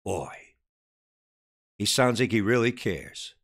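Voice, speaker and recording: A man preaching a dramatic sermon, hammering questions at his listeners and then sinking to a low, grave tone. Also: animated, slow pace, gravelly, a bit bright. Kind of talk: impassioned sermon commentary.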